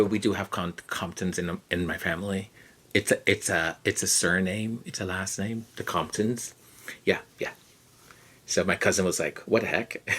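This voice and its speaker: In a medium-pitched voice, a podcaster shares relaxed, personal remarks with plenty of energy. Quoted lines get performed, and now and then the host drops into a hushed aside.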